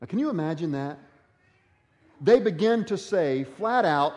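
A male pastor delivers an earnest sermon with a slightly higher voice than most men. He leans on rhetorical questions, and his words carry through a long, echoey hall. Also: animated, a little slow, long pauses, a little mellow.

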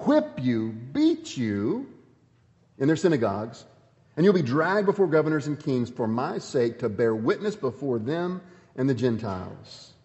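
The sermon is delivered with emphasis and sharp rises and falls as the pastor reads scripture and drives home each point, his pitch and volume swinging dramatically. His tone is darkish, and the muffled audio comes from a large hall.

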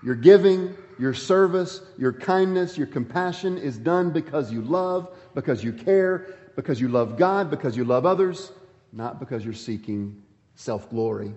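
Man, pastor, emphatic sermon, dramatic swings, warm low tone, long hall echo. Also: lively intonation, unhurried, lo-fi sound. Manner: emphatic preaching with dramatic swings in pitch and volume.

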